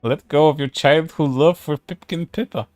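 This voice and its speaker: A man's voice: on the high side, normal speed, darkish tone, dry recording, faint music behind. A man streaming casual commentary, reading posts aloud in a sarcastic way, laughing and swearing often.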